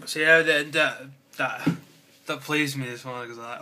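A young man chatting in a casual, excitable vlog, with lots of fillers, giggles and playful asides. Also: fairly high pitch, brisk, slight background noise. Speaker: vlogger. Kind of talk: casual rambling vlog chat.

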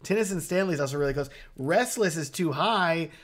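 A man's voice: a little high, lively intonation, fairly quick, fairly bright tone. A man hosting a live stream of film reviews, joking around and talking straight to the chat. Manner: playful, jokey, addresses chat directly.

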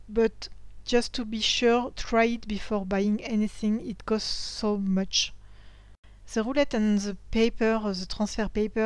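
French-accented woman host, smooth clear tone, dry close sound, halting second-language delivery. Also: mid-range voice, darkish tone, dry recording. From France. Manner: hesitant, searching for words in a second language. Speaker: historical sewing channel host. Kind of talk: casual talk-to-camera tutorial.

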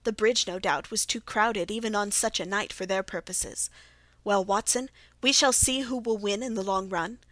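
A woman reading the part of Sherlock Holmes, a sharp male detective, in a measured, grave way in a dry audiobook recording. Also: mid-range voice, dry recording, natural voice.

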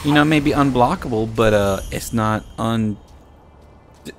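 A man's voice: medium pitch, moderate pace, soft background music. Playful man commenting on a game. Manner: playful, talks back to game characters, jokey. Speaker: gaming channel host. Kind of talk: let's play commentary.

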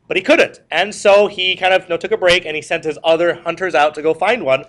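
A male teacher lectures a classroom, his voice sitting a little higher than most men's. He mixes jokes into his stories. He keeps putting questions to the students. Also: fairly quick, few pauses, a bit bright. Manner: joking, storytelling, asks the class questions. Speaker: history teacher.

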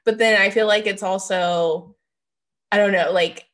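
A woman hosting a podcast, speaking in a relaxed, supportive way with many fillers. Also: mid-range voice, a little slow. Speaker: podcast host. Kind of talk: casual podcast conversation.

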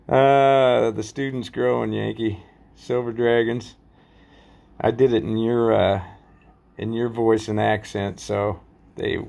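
A man casually rambling through a show-and-tell vlog about his collection, halting often with fillers and folksy sign-offs. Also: mid-range voice, vocal fry, darkish tone. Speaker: coin collecting vlogger.

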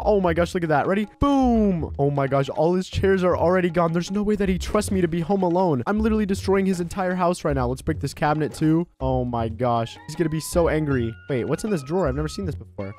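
A fast-talking man narrates his game as a mischievous baby, gasping and exclaiming as he goes. His voice sits a little high and he talks quickly. Light music plays under him. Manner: excitable, fast, lots of gasps and exclamations. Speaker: gaming YouTuber. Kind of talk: let's play commentary playing a baby.

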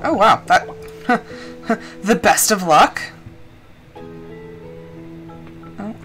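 A woman's voice: medium pitch, expressive, very slow, a bit bright. Young woman, streamer, casual rambling chat, fillers, game music behind. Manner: chatty, rambling, with many fillers. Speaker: streamer playing a farming game. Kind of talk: casual live-stream chat while gaming.

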